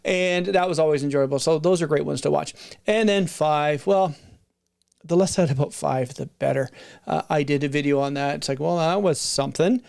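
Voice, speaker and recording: This middle-aged film-release reviewer speaks at medium pitch and normal speed, with vocal fry and a somewhat dark tone. He rambles off the cuff, often starting over and drifting into asides.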